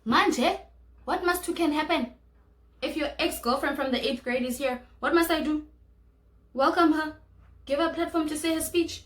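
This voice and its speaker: A young South African vlogger with a South African accent recounts a personal story, acting out what other people said. Her voice sits high, with a moderate pace and long pauses, in an echoey room.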